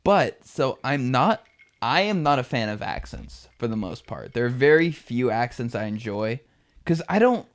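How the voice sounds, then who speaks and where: A young man in casual podcast chat, with a mid-pitched voice. He talks bluntly and swears freely. He laughs often between his thoughts. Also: big pitch swings, moderate pace. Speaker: podcast co-host.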